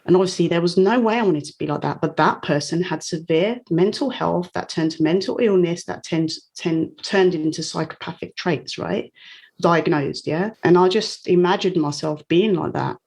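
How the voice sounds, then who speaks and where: A woman's voice: fairly low pitch, normal speed, gravelly, breathy edge. Woman telling her story candidly. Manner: warm, open, frequent light laughs while recounting. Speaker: guest, coach.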